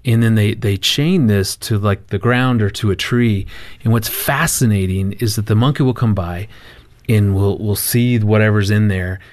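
A middle-aged man, a marriage counselor guest, telling a family story in casual talk, animated with halting restarts. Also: fairly low pitch.

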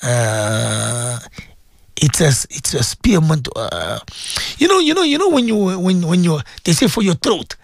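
A man hosting a religious radio show as a cleric, speaking emphatically and repeating phrases, his throat sore and often cleared. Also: fairly high pitch, sing-song, a little slow, no echo. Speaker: radio host and Muslim cleric. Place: radio studio.

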